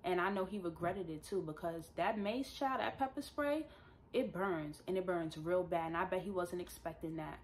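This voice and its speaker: A woman's voice: on the low side, moderate pace, slight background noise. Emphatic young woman telling a story. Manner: emphatic, animated storytelling, often addressing viewers directly. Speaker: vlogger telling a personal story. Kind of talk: casual storytime to camera. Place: at home with a dog nearby.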